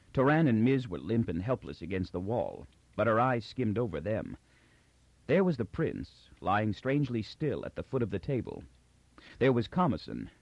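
A man narrates a science fiction story as an audiobook narrator, his low voice steady and expressive. The scripted reading comes through on a dull, lo-fi, dry recording.

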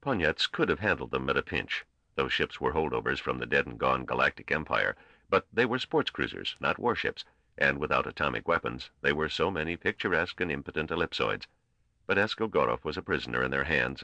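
Very deep-voiced male narrator. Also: expressive, a little fast, vocal fry, bright, forceful tone, no room sound, highs cut off. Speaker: audiobook narrator. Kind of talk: scripted narration.

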